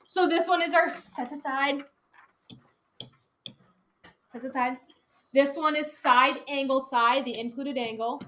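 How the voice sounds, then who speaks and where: A woman teaching a geometry lesson to a class, upbeat and quick to laugh with her students. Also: high voice, steady tone, a bit bright. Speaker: math teacher. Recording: echoey classroom, faint noise.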